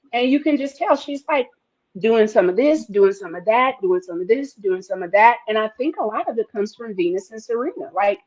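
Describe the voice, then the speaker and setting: Animated woman with a muffled sound. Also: fairly high pitch. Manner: animated, expressive storytelling, rising with excitement. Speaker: podcast co-host. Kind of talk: casual chat. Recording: slightly dull, muffled sound.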